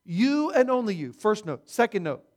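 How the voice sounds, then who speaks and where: A man preaching a sermon as a pastor, stressing and repeating key words and swinging his loudness for emphasis. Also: high-pitched, sing-song, moderate pace.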